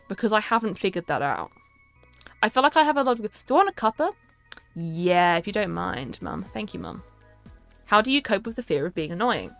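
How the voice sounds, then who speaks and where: A woman's voice: mid-range voice, fairly bright tone. A young woman streaming a casual chat, rambling and stammering with lots of restarts.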